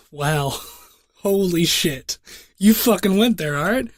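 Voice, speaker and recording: Young male podcast host with a high-ish voice, rambling and profane, dry close sound. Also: lively intonation, takes it slowly, no room sound. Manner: profane, rambling, laid-back storytelling with many restarts. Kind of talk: casual podcast chat and storytelling.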